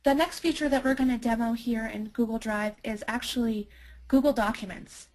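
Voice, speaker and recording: A woman working as a marketer, presenting a software demo in an enthusiastic, chatty way with frequent ums. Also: a little high, fairly even intonation, moderate pace, rough recording.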